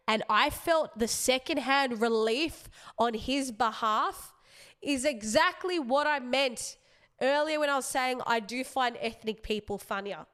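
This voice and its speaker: A young woman, a comedian hosting her podcast, telling a story in a rambling, animated way with self-aware asides. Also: sits high. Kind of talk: casual comic storytelling.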